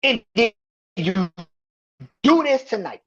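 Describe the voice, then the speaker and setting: A man hosts his own podcast and rants, exasperated and profane, circling back over the same points. His voice is husky, and his pitch leaps up and down. The recording sounds dull and lo-fi. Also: very animated, slow, fairly bright tone. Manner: profane, exasperated, repeats himself. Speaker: podcast host. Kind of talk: heated wrestling rant.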